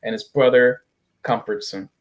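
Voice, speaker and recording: A man's voice: mid-range voice, fairly even intonation, normal speed. A man co-hosting a podcast, recapping a comic in a casual, crude and joking way and acting out the characters' quotes. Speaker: podcast co-host.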